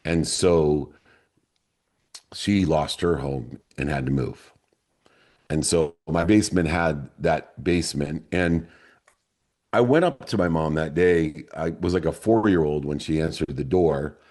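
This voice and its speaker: A middle-aged man leading a men's mastermind group, telling a motivational story in an earnest, deliberate way that lingers on key words. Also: rumbling low, darkish tone.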